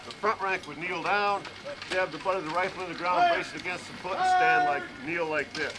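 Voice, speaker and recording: A man's voice: high voice, expressive, brisk. A man giving an outdoor reenactment demonstration, explaining rifle drill steadily and barking out commands. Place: outdoors at a historic fort. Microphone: camcorder from a distance. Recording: noisy outdoor camcorder audio.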